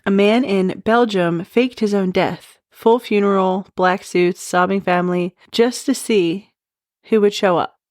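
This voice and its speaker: A woman's voice: medium pitch, measured pace, dry recording, studio quality. A woman hosting a comedic true crime podcast in casual chat, often breaking into cackling laughter. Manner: giggly, keeps breaking into loud cackling laughter. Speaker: podcast host.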